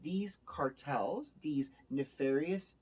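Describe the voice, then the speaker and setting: A man's voice: on the high side, takes it slowly, breathy edge. A male host giving casual spoken commentary to his viewers in an emphatic way, with a touch of sarcasm. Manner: animated, emphatic, sometimes sarcastic. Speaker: show host.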